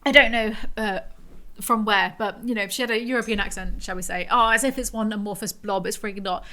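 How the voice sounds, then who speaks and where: A woman hosting a podcast, telling a story in a rambling, animated, self-mocking way. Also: mid-range voice, brisk. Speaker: podcast host. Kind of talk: casual storytelling monologue.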